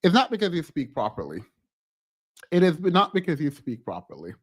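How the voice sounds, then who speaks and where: A man with a notably high voice gives loose, chatty reaction commentary on a stream. He is animated, breaks into laughter often, and his pitch leaps sharply when something shocks him. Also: moderate pace. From outside the US.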